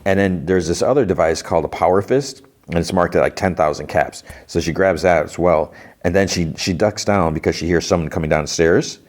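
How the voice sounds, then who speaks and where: A man's voice: sits low, brisk, few pauses, darkish tone. A man hosting a podcast, casually recapping an episode in a rambling way, full of fillers. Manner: rambling, filler-heavy retelling. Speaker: podcast host.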